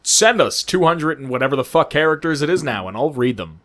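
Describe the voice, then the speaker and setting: Speaking briskly with a voice on the high side, a male podcast co-host recounts stories in casual chat. He's animated and profane, swearing often and dramatizing the reactions he quotes.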